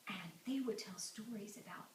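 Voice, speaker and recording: A woman's voice: medium pitch, moderate pace. A woman telling a folk tale to children, acting out sound effects and voices. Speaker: storyteller. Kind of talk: storytelling to children. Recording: echoey room from far off, background noise.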